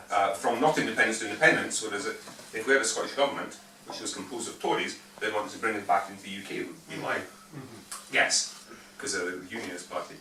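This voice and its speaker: A man's voice: fairly low pitch, sharp tone. A man in his fifties from England, an invited speaker answering audience questions in a joking, rambling, argumentative way. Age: 50s. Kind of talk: political talk answering questions. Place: meeting room. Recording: echoey room, distant mic, faint hiss.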